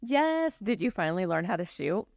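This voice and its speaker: A woman with a heavily gravelly, fry-laden voice talks bluntly in a relaxed podcast chat. The sound is close and dry, with no room around it, and she peppers her points with casual fillers. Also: low voice, moderate pace, no echo. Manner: candid and blunt, many fillers like "you know". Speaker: podcast co-host and firearms instructor.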